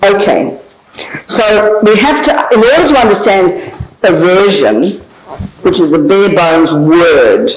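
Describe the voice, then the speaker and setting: An older woman, a Buddhist nun, giving an informal teaching with frank, animated, self-mocking talk and frequent laughter. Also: lowish voice, low-quality recording. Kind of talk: informal dharma talk with questions. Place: teaching hall of a meditation centre.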